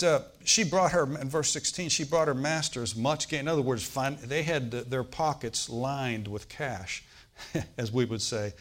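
A pastor delivers a conversational Bible sermon, checking in with the congregation often. His pitch and volume climb on emphatic points, then he trails off quietly.

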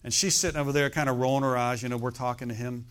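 A man's voice: mid-range voice, steady tone, very fast, a bit bright. A middle-aged man preaching a sermon in a conversational way, often checking in with "okay?" and "amen?". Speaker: pastor.

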